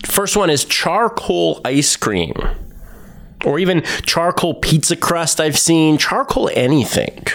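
Lively, playful male interviewer. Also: on the high side, vocal fry. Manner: playful, jokey, quick asides, mimics people. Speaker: interviewer, host. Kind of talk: casual interview.

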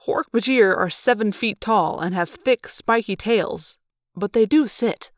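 A woman narrating a novel in first person with a plain, even telling. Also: medium pitch, unhurried, dry recording, clean studio sound. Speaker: audiobook narrator. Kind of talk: storybook narration.

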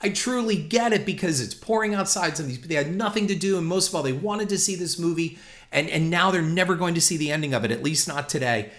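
A man in his fifties telling a blunt, profane anecdote about his old job, acting out the shouting as he goes. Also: fairly high pitch, lively intonation, quick pace. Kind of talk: casual spoken anecdote.

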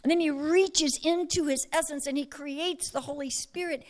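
A woman preaching a sermon earnestly, often dropping to a hushed near-whisper. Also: high-pitched, fairly even intonation, moderate pace.

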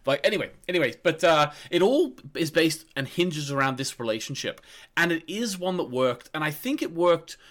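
A man co-hosting a casual film podcast, retelling movie scenes in a rambling, animated way with lots of restarts. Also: fairly high pitch, moderate pace. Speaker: podcast co-host.

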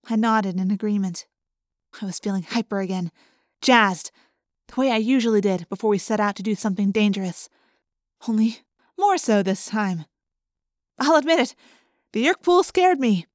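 A woman narrating a first-person audiobook in a lively, expressive way, speeding up in excited passages. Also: medium pitch, moderate pace, pauses often, no echo, studio quality.

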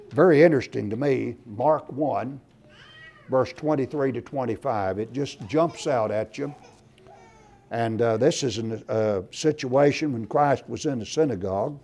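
A man preaching a sermon, reading scripture aloud and pressing his points with emphasis. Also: medium pitch. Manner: emphatic, rising loud on scripture and lists.

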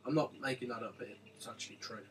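A man's voice: medium pitch, fast talker, a bit bright. A man as a guest on a casual gaming podcast, laid-back with brief replies. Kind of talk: casual chat. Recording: distant mic, faint background noise.

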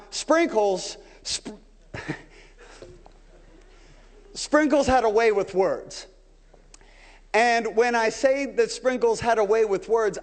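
A man pastor preaching a sermon to his church, putting rhetorical questions to the congregation. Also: high voice. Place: church sanctuary. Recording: long hall reverb.

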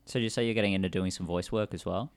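A man's voice: deep voice, steady tone, fast talker, smooth, no room sound. A man hosting a podcast, asking curious, prompting questions. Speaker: podcast host. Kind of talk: casual interview chat.

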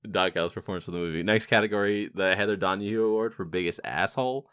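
A young man with a lowish voice co-hosts a casual movie podcast. He laughs a lot and talks loose and profane. The sound is dry and close to the mic. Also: fast, fairly bright tone, clean tone, dry recording. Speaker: podcast co-host.

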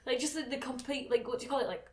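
A woman's voice: sits high, rapid-fire. A woman co-hosting a podcast, giggly and chatty, full of "like" fillers. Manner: giggly, uses many fillers. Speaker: podcast co-host. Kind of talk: casual podcast banter.

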